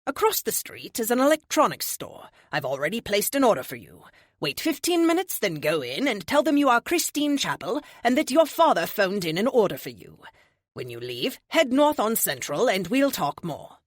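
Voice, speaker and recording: A woman voicing a calm male AI helper who gives brisk, reassuring instructions over a phone line. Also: mid-range voice, no echo, studio quality, voice pushed up.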